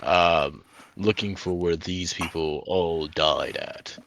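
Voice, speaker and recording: Man, tabletop player, lower voice, hesitant then formal. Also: steady tone, takes it slowly, a bit bright, no echo. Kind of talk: tabletop role-play, in character.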